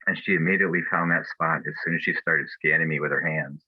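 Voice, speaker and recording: A man's voice: rumbling low, steady tone, quick pace, slightly rough, dry recording, muffled recording. A man giving a personal testimony at a spiritual fellowship, telling his story in an earnest, reflective way.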